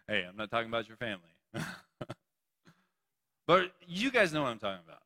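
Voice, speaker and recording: A man's voice: mid-range voice, big pitch swings, normal speed, sharp tone, big-room sound. A young man preaching a sermon to a youth group, playful and joking between points. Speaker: youth pastor.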